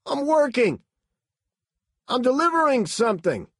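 Brief: man voicing a terrified male van driver in an audiobook, shrill, pleading, husky edge. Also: big pitch swings, a little slow, dry recording, clean studio sound, exaggerated voice. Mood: panicked pleading. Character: panicked male delivery driver at gunpoint.

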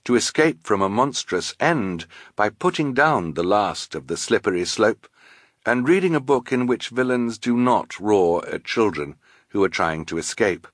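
A man reads a storybook aloud with a wry, expressive delivery and a lowish voice. His pitch moves in a lively, animated way, and the recording is close and dry. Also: unhurried, no room sound. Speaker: audiobook narrator. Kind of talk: scripted narration.

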